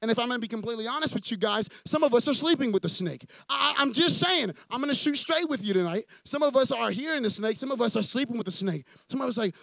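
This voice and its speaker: A man's voice: extremely high pitch, fast, gravelly, hardly any pauses, no echo. A young man preaching a sermon in church, telling stories casually and acting out the characters, often restarting and repeating words. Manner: casual and animated, acting out quoted characters in storytelling. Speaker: pastor.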